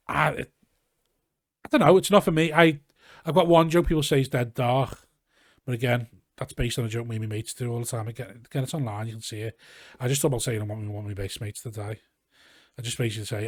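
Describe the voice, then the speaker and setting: A young man with a Scouse accent talks quickly and loosely, piling up asides and running jokes as he goes. The recording is close and dry, with no room sound around him. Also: medium pitch, no room sound. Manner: rambling, animated storytelling with swearing. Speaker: comedian guest. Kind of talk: casual podcast chat. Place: garage.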